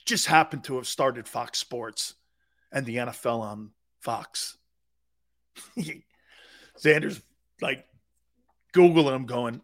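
A man's voice: mid-range voice, slow pace, long pauses. A man hosting a live sports talk show, telling a long, rambling anecdote in a casual way.

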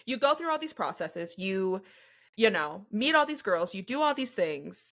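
Young woman podcast host, animated storyteller who acts out quotes and laughs a lot; casual chat, mid-pitched voice.

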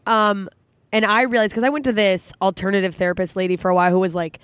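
A woman's voice: medium pitch, steady tone, fast, smooth, no echo. A young woman hosting a podcast, talking candidly and emotionally, swearing a lot and laughing often. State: tearful. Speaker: podcast host. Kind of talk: casual podcast chat. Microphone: studio microphone.

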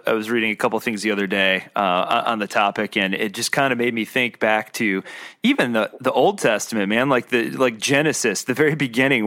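A man's voice: on the low side, fairly bright tone. A man hosting a podcast, responding in a casual, affirming way with fillers like "like" and "man". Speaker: podcast host. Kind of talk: conversational interview.

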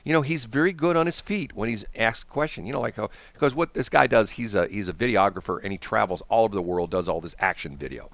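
A man's voice: lowish voice, fast talker, hardly any pauses, a bit bright, dry recording. A man with a St. hosting a radio show, rambling and acting out quotes in put-on voices. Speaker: radio host. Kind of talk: casual on-air banter. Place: radio studio.

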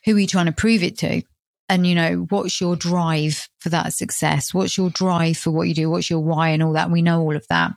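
A woman's voice: fairly low pitch, steady tone, moderate pace, gravelly, no room sound, studio quality. A woman hosting a podcast, asking her guest thoughtful, probing questions. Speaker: podcast host. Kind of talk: interview conversation.

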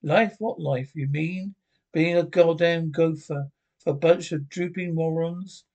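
A twitchy short gofer dude, whiny and sorry for himself, voice sits kinda high, tv horror show. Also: steady tone, a little slow, darkish tone, highs cut off. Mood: bitter. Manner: nervous, whiny and self-pitying. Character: short, greedy, jittery male band gofer. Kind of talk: TV horror anthology acting.

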